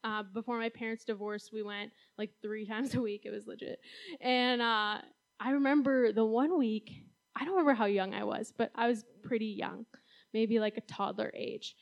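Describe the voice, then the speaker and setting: High-voiced young woman preaching casually. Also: fairly even intonation, normal speed, gravelly. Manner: chatty, fills speech with "like", laughs often. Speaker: youth speaker. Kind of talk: casual talk-style sermon.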